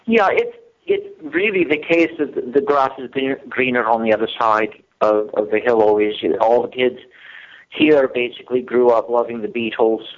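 A man's voice: medium pitch, normal speed. A middle-aged man with a mild Scottish accent, a musician guest on a radio show, wry and self-deprecating, hesitant with fillers. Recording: muffled, dull sound.

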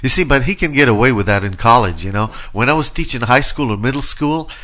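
A man's voice: mid-range voice, lively intonation, fast talker, sharp tone. A middle-aged man hosting a radio talk show, rambling with many verbal fillers. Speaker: radio host. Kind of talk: casual radio chat.

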